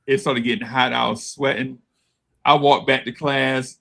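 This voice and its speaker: A man telling a childhood story in casual chat, animated and acting out voices as he goes. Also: medium pitch, normal speed, gravelly. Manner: animated, laughing storyteller who acts out voices. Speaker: podcast co-host.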